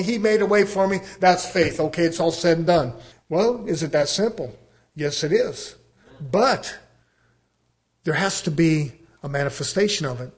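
A middle-aged man preaching a sermon, asking his congregation rhetorical questions and swinging between loud emphasis and quieter passages. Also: sits high.

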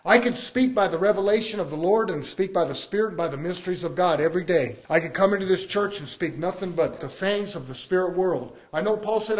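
High-voiced preaching man. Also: fast talker, hardly any pauses. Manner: preaching with rising emphasis and rhetorical questions. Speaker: pastor. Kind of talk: sermon.

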